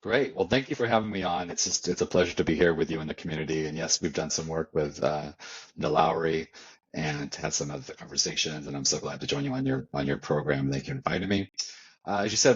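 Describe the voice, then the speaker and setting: A man's voice: low-pitched, lo-fi sound, a little hiss or hum. A man from California, a healing coach, answering interview questions in an earnest, reflective, easygoing way.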